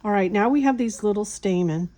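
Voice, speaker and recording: A woman hosting a craft tutorial, calmly explaining each step in a relaxed, chatty way as she works. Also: medium pitch, brisk, a little hiss or hum. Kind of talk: hands-on craft demonstration.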